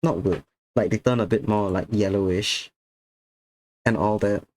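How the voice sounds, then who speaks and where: A man with a lowish, slightly mellow voice talks at a measured pace with fairly even intonation. He's tired and a little sick, drowsy and slurring a bit as he chats casually with viewers while drawing on an art stream.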